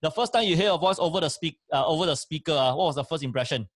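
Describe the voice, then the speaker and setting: A man's voice: on the high side, very fast. A man giving emphatic, repetitive speaking advice on a talk show, with frequent fillers. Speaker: voice and speaking coach.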